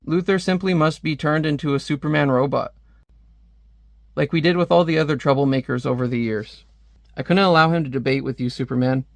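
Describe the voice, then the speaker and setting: A clinical supercomputer reels off cold estimates and calculations, as a man reads its comic lines aloud. The delivery is matter-of-fact, a little high in pitch and dry. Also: brisk, gravelly, no room sound. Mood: calculating. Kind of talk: reading comic dialogue aloud.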